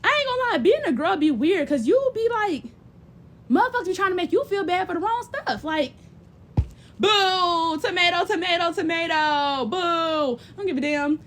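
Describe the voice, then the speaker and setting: High-pitched blunt young woman. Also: normal speed, slight background noise. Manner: blunt, profane, sisterly advice-giving; animated, mimics others' voices. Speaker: livestream host. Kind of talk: casual chat.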